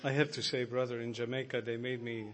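A man's voice: medium pitch, flat delivery, quick pace, a little hiss or hum. A man preaching a sermon to a congregation, earnest and growing emphatic.

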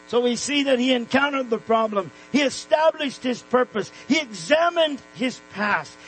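High-voiced male pastor preaching. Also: a little hiss or hum, poor audio. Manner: emphatic, slows and drops soft on key words. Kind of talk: sermon.

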